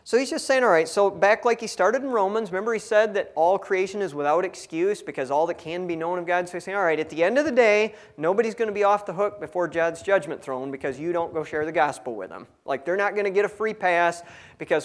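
A man with a fairly high voice and a drawl teaches through a Bible passage like a preacher. He reads the verses, then breaks into casual, folksy asides addressed to his listeners. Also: fast talker.

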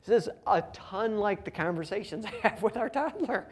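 A man's voice: high voice, lively intonation. Casual, joking young man preaching. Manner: conversational and humorous, reading scripture slowly. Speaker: pastor. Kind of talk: sermon.

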